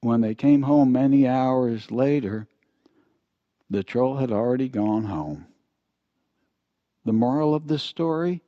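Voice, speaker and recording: An older man telling a folksy story in an easygoing, unhurried way. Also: mid-range voice, expressive, dark tone, no room sound. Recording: dull, lo-fi dry recording.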